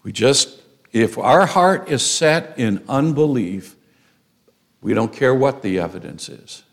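Slow, lively-voiced preacher man. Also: mid-range voice. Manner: emphatic, repeats phrases for stress. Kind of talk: expository sermon.

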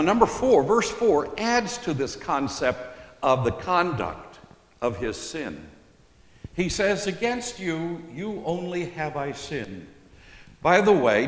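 Preacher guy teaching slow, voice rises and falls a lot, big echoey church hall. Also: a little high. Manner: slow, deliberate teaching with emphatic stresses. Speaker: pastor. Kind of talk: expository sermon. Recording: echoey hall with long reverb.

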